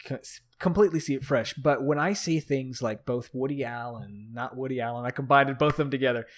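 A man co-hosting a casual podcast chat, excitable and swearing freely. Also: medium pitch, brisk. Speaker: podcast co-host.

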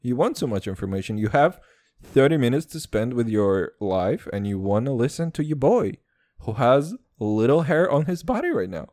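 Young man, Eastern European and American accent, rambling, profane, self-mocking, lively pitch, dead dry sound. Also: no echo. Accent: mixed Eastern European and American. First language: Serbian or Turkish. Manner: profane, rambling, self-mocking, swings between shouts and mutters. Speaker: podcast host. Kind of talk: casual solo podcast rant.

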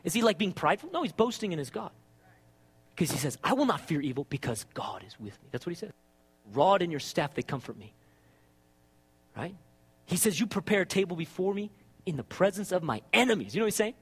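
A man preaching a sermon with passion, dropping to hushed tones and rising to shouts. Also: high-pitched, big pitch swings, a little fast, long pauses, husky. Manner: impassioned, swings between hushed and shouting. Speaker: pastor.

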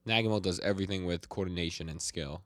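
A man's voice: low voice, fast talker, no room sound. A man co-hosting a podcast, casually recapping manga chapters and quoting the characters with small voice shifts and frequent laughs. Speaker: podcast co-host.

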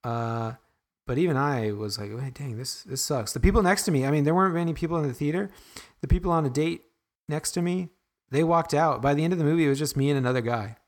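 A man's voice: on the high side, fast. A young man co-hosting a podcast, talking in a rambling, self-deprecating way with frequent restarts. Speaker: podcast co-host. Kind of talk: casual podcast chat.

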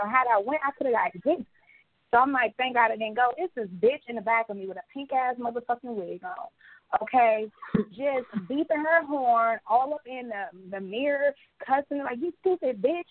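Animated woman telling stories over a phone line. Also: on the high side, no echo. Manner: animated storytelling, swears freely. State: pregnant. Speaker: podcast co-host. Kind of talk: casual chat.

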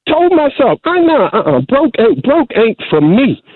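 A man's voice: extremely high pitch, big pitch swings, a little slow, dry recording. A middle-aged man calling in to a talk show, preaching with heavy repetition and restarts. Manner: preachy, repeats himself, restarts often. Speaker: caller. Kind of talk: emotional call-in monologue. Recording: tinny phone line.

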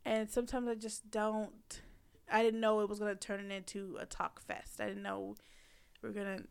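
A young woman in a casual, argumentative chat with her husband, animated and sassy, often mimicking him. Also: mid-range voice, moderate pace, vocal fry, smooth. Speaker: wife in a couple's talk.

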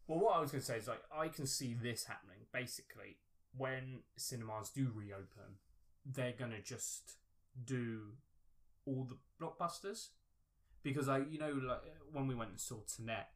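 A man's voice: mid-range voice, normal speed. A man hosting a casual film podcast, chatty and loose, often restarting his sentences. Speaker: podcast host. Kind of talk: casual chat.

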